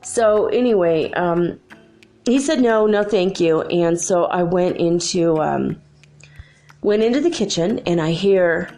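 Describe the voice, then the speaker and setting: A chatty woman host tells her own ghost story in a fairly low voice, bouncing into the quoted lines as she goes. Soft music hums faintly underneath. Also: slow. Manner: chatty, acts out quoted dialogue. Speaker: podcast host. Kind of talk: casual personal ghost story.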